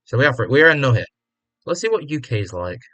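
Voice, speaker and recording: A man's voice: mid-range voice, sing-song, fast, sharp tone, no room sound. A man from the UK with a British accent, giving casual, rambling commentary on a game stream as he thinks aloud. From United Kingdom.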